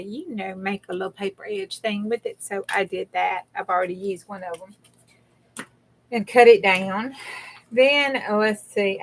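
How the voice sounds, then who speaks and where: A middle-aged woman with a drawl chats casually as she crafts on a livestream. Her talk rambles in a folksy way, and she stops to greet viewers by name. Her voice sits at an ordinary middle pitch. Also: vocal fry, fairly bright tone. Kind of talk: casual chat while crafting.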